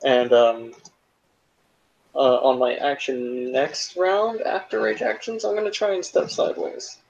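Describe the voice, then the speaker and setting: A man with a gravelly, fry-edged voice talks through his turn in a tabletop game, swearing as he weighs his options. His voice is a bit high for a man. The sound is dull and lo-fi, like voice call audio. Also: animated, normal speed. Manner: swearing, thinking out loud. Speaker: player. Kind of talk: casual tabletop game play.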